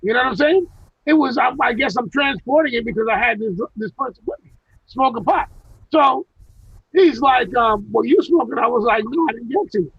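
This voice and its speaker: A man with a very high, gravelly voice tells rough stories from his life over a video call, cursing freely and restarting his sentences. The sound is dry and dead, and the audio is dull and lo-fi. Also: animated, normal speed, fairly bright tone, no room sound. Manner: profane, rambling storytelling with many restarts. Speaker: guest recounting personal stories. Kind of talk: casual chat on a video call. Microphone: video call mic.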